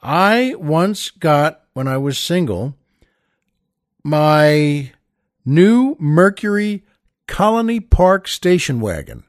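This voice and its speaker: Slow, rambling man telling stories. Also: on the high side, very animated, dry recording, clean studio sound. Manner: rambling, with many "uh"s and restarts, addressing listeners as "folks". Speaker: podcast host. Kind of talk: casual storytelling monologue.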